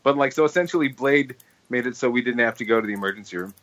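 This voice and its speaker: A young adult man co-hosting a podcast, telling a story in a lively casual chat and swearing freely. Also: medium pitch, very fast, a crowd in the background, low-quality recording. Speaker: podcast co-host.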